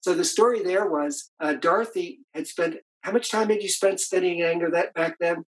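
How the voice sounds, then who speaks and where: The recording is rough, capturing an older male author with a high-pitched voice at a moderate pace. Interviewed, he tells conversational, reflective stories about his marriage, restarting many times.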